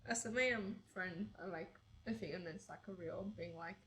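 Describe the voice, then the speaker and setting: A woman's voice: medium pitch, brisk, hardly any pauses, low-quality recording. A young woman chatting casually as a tattoo client, rambling with many fillers and swearing. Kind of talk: casual chat.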